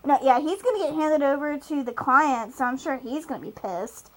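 A woman's voice: high voice, lively intonation, moderate pace, a bit bright, poor audio. A young adult woman co-hosting a casual podcast about a TV show, rambling with lots of fillers and laughs. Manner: rambling, giggly, many fillers. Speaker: podcast co-host. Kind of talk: casual chat recapping a TV episode.

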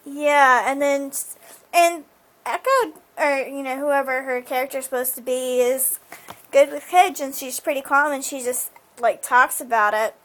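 A high-voiced woman talks through a TV episode in a loose, rambling recap. She fills her sentences with "like" and "um" as she goes. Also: steady tone, measured pace, a bit bright. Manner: chatty, full of fillers like "like" and "um". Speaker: show recapper.

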